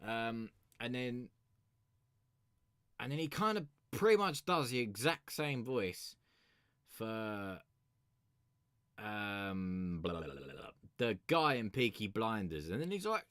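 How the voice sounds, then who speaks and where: A man's voice: mid-range voice, very animated, measured pace, fairly bright tone, no echo. A young man chatting casually on a live stream, rambling and swearing freely as he talks to viewers. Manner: rambling, swears freely, chuckles between thoughts. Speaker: music review streamer.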